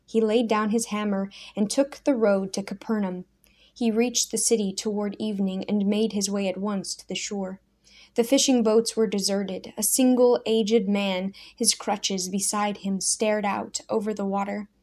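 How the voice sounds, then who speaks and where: A woman narrating a story in a soft, measured voice at an ordinary mid pitch. Her reading stays steady and gentle, line after line, in the manner of a recorded audiobook.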